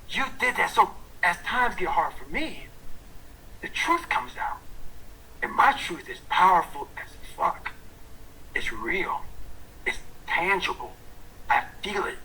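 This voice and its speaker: Gravelly, forceful man preaching grit. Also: high-pitched, a little hiss or hum, poor audio. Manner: profane, blunt, swings from loud bursts to hushed whispers. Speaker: motivational speaker. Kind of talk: intense motivational talk.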